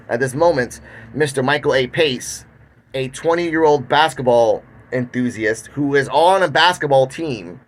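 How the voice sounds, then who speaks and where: A man's voice: mid-range voice, a bit bright. A young man hosting an online commentary show, casually retelling a news story with frequent restarts. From Puerto Rico. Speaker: commentary channel host.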